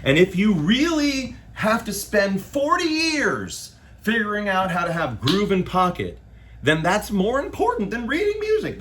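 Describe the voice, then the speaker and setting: A man, a bass player, giving his opinions in a casual, loose monologue with slang and the odd swear word. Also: a bit bright.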